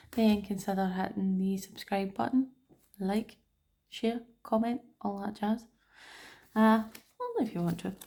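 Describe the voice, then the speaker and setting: A woman's voice: medium pitch, vocal fry, a little mellow. A British woman vlogging about her budget in a chatty, rambling way, with self-mocking asides. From United Kingdom. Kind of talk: casual chat to camera.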